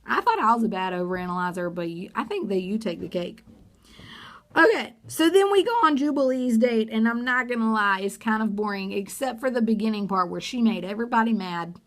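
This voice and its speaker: A woman's voice: on the high side, animated, brisk. A woman giving a sarcastic, gossipy recap of a reality TV episode in a casual vlog. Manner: sarcastic, gossipy, acts out quotes.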